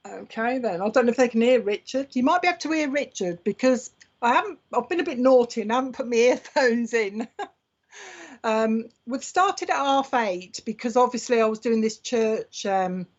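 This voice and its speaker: A woman's voice: on the high side, highs cut off. A woman hosting a live online mediumship stream in a casual, chatty way, greeting viewers by name and laughing often. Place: home room.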